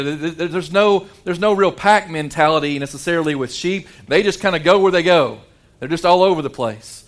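A man preaching a sermon, dropping to hushed, slow tones for emphasis and repeating words as he restarts sentences. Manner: dramatic, shifts between hushed low tones and animated quoted voices. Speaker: pastor.

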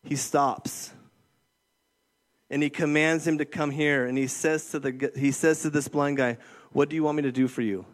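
A middle-aged man with a slightly higher-than-usual voice delivering a conversational sermon. He keeps checking in with his listeners, tossing in "okay?" and "right?" between his points. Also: steady tone, moderate pace. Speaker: youth pastor.

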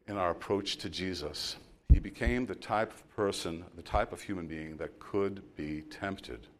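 A middle-aged male pastor preaching a sermon, telling a story that builds to loud emphasis and then drops soft. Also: low voice.

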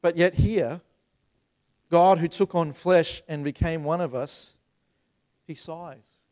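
Brief: male pastor, thirties, fairly high voice, chatty sermon that builds to forceful peaks. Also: takes it slowly. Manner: conversational preaching with rising emphatic passages. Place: church sanctuary.

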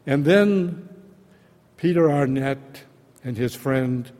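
A man preaching a sermon, retelling a story in a slow, deliberate, dramatic way. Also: medium pitch, darkish tone. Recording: long hall reverb.

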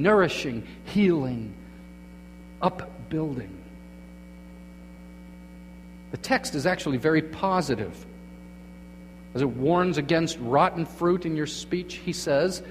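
A man preaching a sermon as pastor, moving between quiet, hushed phrases and emphatic, raised lines. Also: on the high side. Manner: dramatic shifts between hushed and emphatic delivery. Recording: long hall reverb with faint mains hum.

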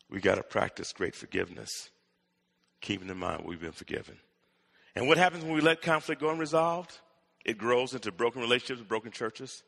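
A male preacher delivering a sermon with dramatic emphasis in a bright, forceful voice. His words carry a long echo in a large church hall. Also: medium pitch, expressive, a little fast, creaky. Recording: echoey hall.

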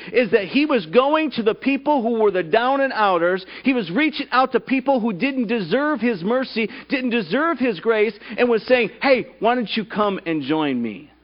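A man's voice: very high voice, animated, moderate pace, few pauses, highs cut off. A male pastor preaching a sermon at a church service, putting rhetorical questions to the congregation.

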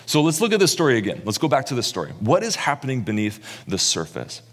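A man preaching a sermon, telling the story in an animated way and acting out the words of its characters. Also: medium pitch, quick pace. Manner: animated storyteller who acts out quotes. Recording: long reverb in a large hall.

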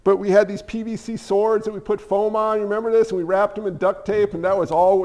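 A man's voice: high-pitched, brisk, hardly any pauses, warm tone, long reverb tail. A man preaching a casual sermon, conversational with jokey asides, acting out bits of dialogue. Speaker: pastor.

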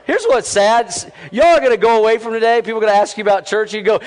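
A middle-aged man preaching a sermon to his church, lively and conversational with quick casual asides. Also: sits high, in a large hall. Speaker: pastor.

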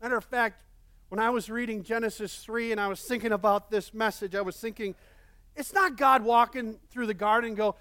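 A man's voice: sits high, a little fast, fairly bright tone, no room sound, studio quality. A male pastor preaching a sermon, earnest and repeating words for emphasis.

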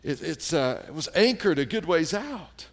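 A middle-aged male pastor preaching with a high-pitched voice. He is emphatic and keeps turning to the congregation with questions. His sermon builds and falls back to quieter stretches. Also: very animated, normal speed.

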